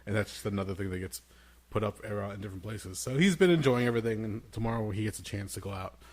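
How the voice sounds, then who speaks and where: A man with a fairly low voice chats casually on a podcast, spinning stories about his toddler. He breaks into a squeaky child voice for his son's lines, then drops back to his easy storytelling tone. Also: quick pace. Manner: animated storyteller, acts out his toddler son in a high voice. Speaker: podcast co-host.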